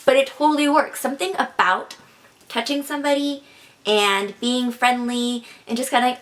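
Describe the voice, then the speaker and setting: A woman's voice: on the high side, fairly even intonation, normal speed, fairly bright tone. A young woman giving chatty, casual advice in a vlog, filling her talk with "like" and "kinda". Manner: chatty, filler-heavy with frequent "like" and "kinda". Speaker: advice vlogger.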